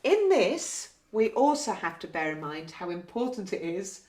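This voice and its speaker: A woman working as a community nurse talks health staff through how to speak with patients. She is gentle and explanatory, and often closes a point with a tag question. Her voice sits at a middle pitch, and the room around her rings with echo. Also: sing-song, unhurried. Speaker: community learning disability nurse. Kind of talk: training talk with role-play. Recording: roomy echo.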